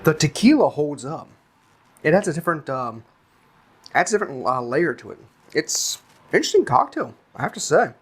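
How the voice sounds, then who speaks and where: Speaking a little fast with a fairly high, fairly bright voice and big swings in pitch, this home bartender chats his way through a cocktail tutorial. There's slight background noise, and his informal talk is packed with fillers and restarts.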